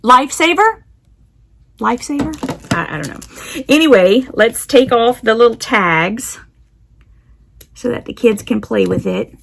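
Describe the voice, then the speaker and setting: A woman's voice: a little high, animated, a little slow, gravelly, long pauses, background noise. A woman chatting casually while unboxing, giggling often and talking to her cat. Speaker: unboxing vlogger.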